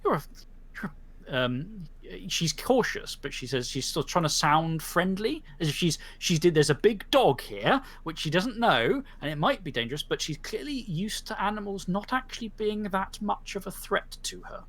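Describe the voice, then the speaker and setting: A man runs a tabletop role-playing session over an online call, narrating in a slightly higher voice. His delivery is animated and swoops in pitch, with frequent stops and restarts as he describes the scene. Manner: lively, halting narration with many restarts. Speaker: game master.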